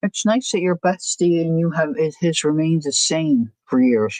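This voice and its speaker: A woman's voice: deep voice, normal speed, darkish tone, no echo, poor audio. A woman hosting a crafting livestream, chatting casually, thinking aloud and answering viewer comments as she works. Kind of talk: casual chat while crafting.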